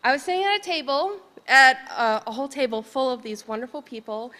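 A high-pitched woman tells a personal story at a conference, laughing often and asking the room "right?" between thoughts. Her voice is emotional and sincere. It carries a long reverberation from a large hall. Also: animated, a little fast, sharp tone. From Vermont. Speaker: conference speaker, educator.

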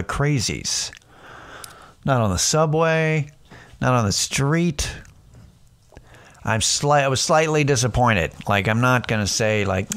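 A man's voice: lowish voice, a bit bright. A man hosting a casual solo podcast, telling rambling, profane stories with lots of restarts. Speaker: podcast host.

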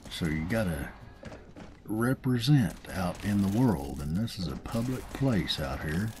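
A man's voice: low voice, animated, measured pace, darkish tone, a little hiss or hum. A man with a Southern US accent hosting a let's play, chatting casually and chuckling at his own jokes. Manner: chatty, folksy and self-amused, chuckling often. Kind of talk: casual gameplay commentary.

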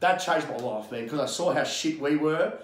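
Fiery, swearing Australian man, raised pitch. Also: normal speed, reverberant. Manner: fiery, blunt, heavy swearing, ranting. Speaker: guest coach. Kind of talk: casual podcast interview.

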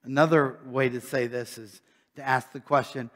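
A man's voice: mid-range voice, fairly even intonation, moderate pace. A man preaching a sermon as pastor, talking conversationally and asking his listeners rhetorical questions. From United States. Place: church sanctuary. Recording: long church reverb.

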